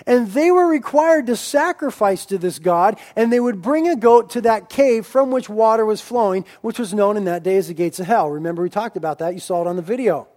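A man with a notably high voice preaches to his congregation. He stretches key lines out slowly and loudly, then drops into quieter, conversational asides. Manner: emphatic preaching, swinging between loud drawn-out lines and quiet asides. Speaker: pastor. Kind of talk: sermon.

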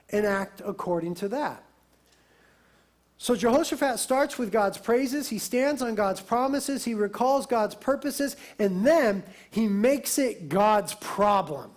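A man with an unusually high voice delivers a sermon as a pastor. He preaches with lively emphasis and drops into an easy, conversational aside now and then.

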